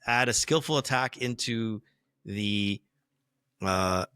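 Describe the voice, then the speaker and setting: A man explaining rules and narrating as game master, relaxed and hesitant with many fillers. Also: lowish voice, takes it slowly, clean tone, no room sound, clean studio sound.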